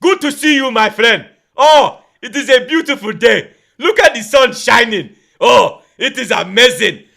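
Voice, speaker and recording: A man mimicking a gushing, prim gentleman. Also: very high voice, animated, a little slow, gravelly, hardly any pauses, exaggerated voice. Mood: mocking. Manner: exaggerated genteel mockery. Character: overly polite prim man, gushing and proper.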